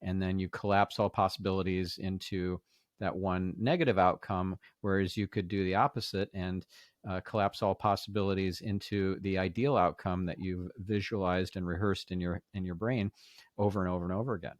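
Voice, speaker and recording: A man's voice: low-pitched, fairly even intonation, fairly quick, dry recording, clean studio sound. A man hosting a podcast interview, thinking aloud through his ideas with many fillers. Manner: thoughtful, with many fillers and restarts. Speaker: podcast host. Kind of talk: interview conversation.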